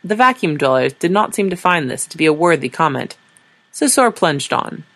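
A woman's voice: low voice, very animated, a little fast, a bit bright. A woman narrating a science fiction story in a dry, wry storytelling manner.

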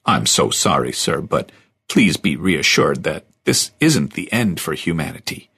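A man voicing an earnest, respectful adult guide figure in an audiobook, pitching his voice higher than his own. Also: sing-song, unhurried, vocal fry, sharp tone, husky, exaggerated voice.

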